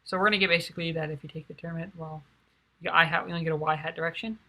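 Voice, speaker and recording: A tired young woman quietly working through a physics derivation, thinking aloud in a soft, low-key way with many fillers. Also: steady tone, racing. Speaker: physics tutor.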